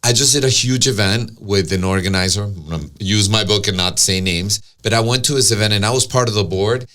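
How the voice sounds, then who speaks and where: A man's voice: on the low side, fairly quick. A man being interviewed as an author, telling stories animatedly and acting out what people said. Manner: storytelling, animated, acts out quotes. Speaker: guest author. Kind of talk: interview conversation.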